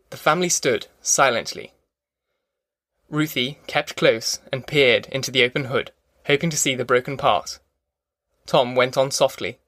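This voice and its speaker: A man's voice: mid-range voice, measured pace, a bit bright, dry recording. Man reading an audiobook, dry sound. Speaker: audiobook narrator. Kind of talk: scripted narration.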